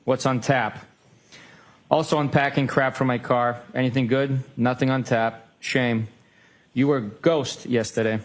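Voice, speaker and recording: A man reads a string of text messages aloud in court. His voice sits in the middle range, and his delivery is flat and measured. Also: mid-range voice. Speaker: witness reading texts.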